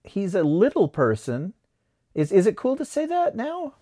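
A man hosting a casual podcast chat, his pitch rising and falling a lot as he talks. He reads names off a list and looks things up, keeping the talk easygoing. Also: wildly swooping pitch, normal speed, dark tone. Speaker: podcast host.

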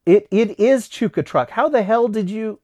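A man's voice: sits high, normal speed, darkish tone. A man hosting a podcast, chatting casually and reading names off a list while looking them up. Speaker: podcast host. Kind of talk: casual chat.

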